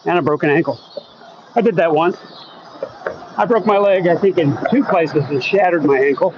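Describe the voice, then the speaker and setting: A man's voice: a little high, normal speed, dull audio, noisy background. A man from Oklahoma chatting casually on a live stream while walking outdoors at night, reading viewer comments aloud and joking about what he sees. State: a bit out of breath walking uphill. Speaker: vlogger reading live chat. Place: outdoors on a residential street at night.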